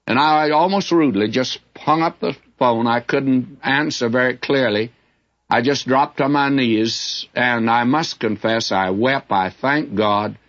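An older man teaches scripture in a plain, middle-pitched voice, speaking in a candid, folksy way. The recording sounds somewhat muffled and lo-fi, like an old broadcast tape. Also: unhurried, a bit bright. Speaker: Bible teacher. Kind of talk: Bible teaching sermon. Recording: dull lo-fi recording.

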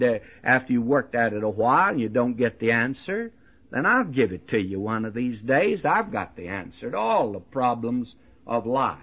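A man's voice: mid-range voice, fairly bright tone, breathy edge, dull audio. A man teaching the Bible in sermon style, emphatic and folksy, often turning to the listener with "you see" and "my friend.".

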